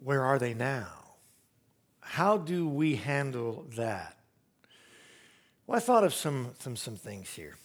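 A man preaching a sermon, telling stories and acting out quotes, swinging from loud rising emphasis to very soft low tones. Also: big pitch swings, slow, long pauses. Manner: storytelling preacher who acts out quotes. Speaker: pastor.

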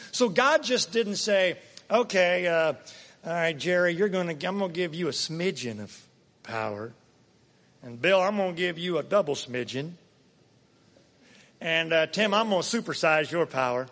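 A man's voice: high-pitched, fairly bright tone, in a large hall. A man preaching a sermon in a conversational way, often asking his listeners questions. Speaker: pastor.

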